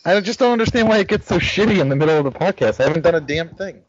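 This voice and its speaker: A man's voice: sits high, expressive, rapid-fire. A man co-hosting a casual podcast, swearing and joking about his own bad microphone. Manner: profane, self-mocking. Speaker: podcast co-host. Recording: bad noisy mic, lo-fi.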